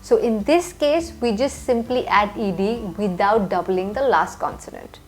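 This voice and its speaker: A woman teaching an English grammar lesson, slowly spelling out letters and examples with careful, clear explanation. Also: medium pitch. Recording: soft music behind the voice.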